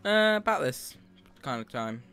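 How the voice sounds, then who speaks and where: Medium in pitch, this young man's voice is sing-song, gravelly yet smooth, pushed and bright, and a little slow. As a streamer and host, he chats cheerfully about the game he's playing, cursing often, while game music plays faintly behind him.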